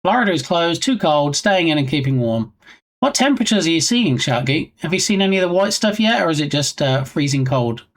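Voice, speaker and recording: A man's voice: on the high side, animated, fairly quick. Rambling man chatting on a live stream. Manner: rambling, reads chat aloud, dry self-mocking asides. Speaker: game dev streamer. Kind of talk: casual live-stream chat.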